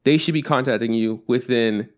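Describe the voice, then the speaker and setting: A man with a mid-range voice talks at normal speed. He co-hosts a podcast and, in casual chat, tells a story where he plays both callers in a phone conversation, exasperated and swearing often.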